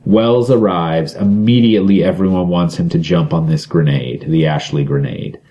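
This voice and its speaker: Deep, mellow-voiced joking man. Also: steady tone, normal speed, muffled recording, faint music behind. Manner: wry, joking, laughs often. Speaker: podcast co-host. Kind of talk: casual chat recapping a TV show.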